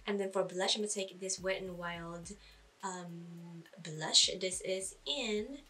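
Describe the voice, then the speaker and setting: A woman talks through a casual makeup tutorial in a bright, sharp-edged voice, chatty and self-deprecating, pausing on fillers as she thinks. She sits a little back from the microphone, so she sounds slightly distant. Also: lowish voice, faint music behind. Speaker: beauty vlogger.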